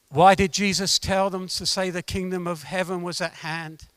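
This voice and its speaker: A man preaching a sermon to a gathered audience, animated and emphatic as he tells stories. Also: high voice, moderate pace, clear, resonant tone, no echo, studio quality. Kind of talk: sermon with storytelling. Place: meeting room with an audience.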